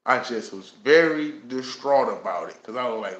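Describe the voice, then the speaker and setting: A man in his thirties telling his own life story in a casual, animated way, acting out what he and others said. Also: mid-range voice, normal speed, muffled recording. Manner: casual and animated, with many laughs and voiced asides. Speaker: host. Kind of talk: personal storytelling. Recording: echoey room.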